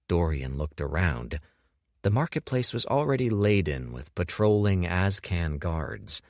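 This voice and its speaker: A man narrating an audiobook with measured, expressive storytelling on a close studio mic. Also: deep voice, no echo. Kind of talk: scripted narration.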